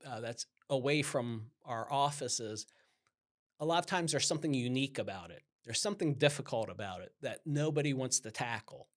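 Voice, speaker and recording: A man who owns a roofing company, talking casually as a guest in an interview and acting out the customers he quotes. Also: medium pitch. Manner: animated, acts out customer dialogue in quotes.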